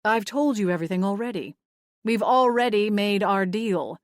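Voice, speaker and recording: A woman's voice: medium pitch, normal speed, no echo, studio quality, lightly acted. A woman voicing an impatient young man who speaks in clipped, dismissive lines. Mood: exasperated.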